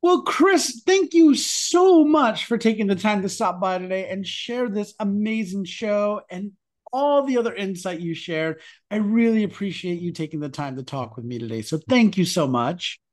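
A man's voice: sits high, lively intonation, moderate pace, darkish tone. A man hosting a theatre interview podcast, signing off in an upbeat, promotional way. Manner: upbeat, promotional sign-off delivery. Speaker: podcast host.

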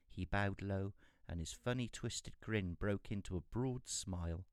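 A man narrating a fairy tale in a calm, steady storytelling manner. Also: low voice, measured pace, few pauses, no echo, studio quality.

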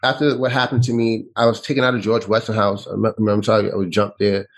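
Husky New man, halting. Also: lowish voice, little pitch movement, rough recording. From New York City. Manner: halting, with frequent restarts and repetitions. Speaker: interview guest. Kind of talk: personal storytelling in an interview.

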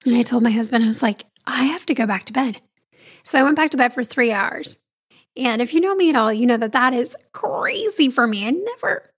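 A woman with a high, light voice speaks in a casual, confiding way, as if telling a friend about her week. She talks straight to her viewers and calls them friends. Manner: warm, confiding, addresses listener as friend. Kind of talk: casual talk to camera.

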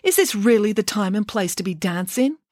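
A woman voicing a loving, fretful mother in a read-aloud storybook, with a shrill, anxious delivery. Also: expressive, a little fast, warm tone, no room sound, studio quality, natural voice. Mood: tender.

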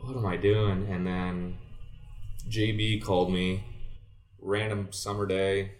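Speaking at a slow pace, a young man with a very deep voice, a former baseball player appearing as a guest, rambles through a long story and drops into quoted dialogue. His words echo in the room during this laid-back, casual chat.

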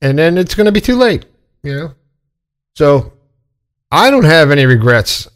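A man's voice: fairly high pitch, very animated, moderate pace, clear, resonant tone. A middle-aged man hosting a podcast, talking casually and bluntly, with swearing, as he lectures about staying positive. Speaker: podcast host. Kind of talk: casual monologue.

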